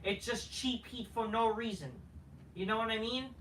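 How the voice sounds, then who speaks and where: A woman's voice: fairly high pitch, moderate pace, fairly bright tone, a little hiss or hum. Profane, sarcastic woman ranting in echoey room. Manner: crude, sarcastic, heated. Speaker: wrestling show reviewer. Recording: echoey room, far from mic.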